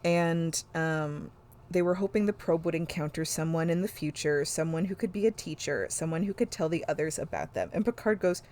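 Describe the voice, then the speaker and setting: Woman podcast host, lower voice, loose and profane, animated retelling. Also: fairly quick. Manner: swears freely, animated retelling with quoted lines. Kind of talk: casual chat recapping an episode.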